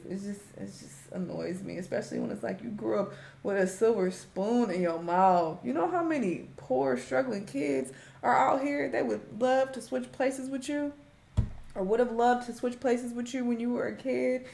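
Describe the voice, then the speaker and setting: A woman's voice: fairly high pitch, normal speed, gravelly, darkish tone, reverberant, a little hiss or hum. A woman hosting a reaction video, giving blunt, exasperated casual commentary. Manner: exasperated, blunt, laughs often.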